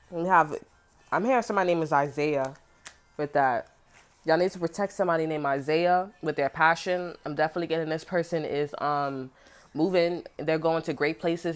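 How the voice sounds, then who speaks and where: A young woman with a low-pitched voice rants casually to her viewers during a tarot reading. She swears freely and talks with heavy emphasis, breaking into frequent laughter as she rambles from one point to the next. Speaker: tarot reader.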